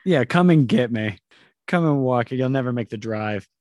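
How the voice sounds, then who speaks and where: A man's voice: mid-range voice, lively intonation, normal speed, a little mellow, no echo. A man in his thirties, a comedian guest on a casual podcast, rambling with frequent laughs. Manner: laughing, rambling, slips into mock voices.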